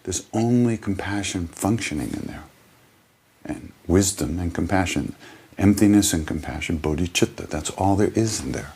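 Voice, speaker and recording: A man in an interview, reflectively telling spiritual stories in an earnest, halting way with many restarts. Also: sits low, darkish tone, husky. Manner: earnest storyteller. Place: small hotel.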